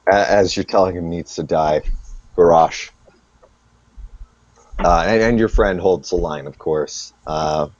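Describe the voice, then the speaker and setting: A man running a tabletop game as game master, unhurried as he narrates and tallies rules and experience points. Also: low voice, a little mellow, no echo. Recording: dull lo-fi dry sound.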